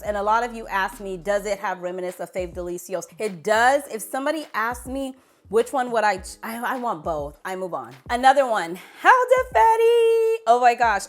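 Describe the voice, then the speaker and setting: A woman in her thirties, a beauty vlogger, giving a playful, emphatic perfume review straight to camera. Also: medium pitch. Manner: animated, playful, emphatic repetition.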